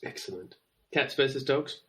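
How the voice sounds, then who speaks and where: A man's voice: medium pitch, a bit bright. A man with a mixed, posh-sounding English accent, co-hosting a casual chat and joking often. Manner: playful, quick to joke and laugh. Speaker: podcast co-host.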